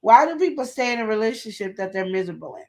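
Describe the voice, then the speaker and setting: A woman's voice: mid-range voice, lively intonation, racing, very noisy. A woman co-hosting a live relationship advice stream, talking in a casual, emphatic way with slang and repeated questions. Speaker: co-host of a live advice show.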